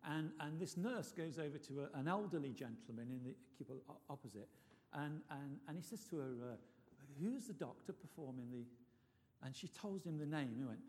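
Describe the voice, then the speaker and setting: Guy preaching, chatty story full of restarts, high animated voice, hall echo. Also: fairly quick. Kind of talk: sermon. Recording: long reverb of a hall.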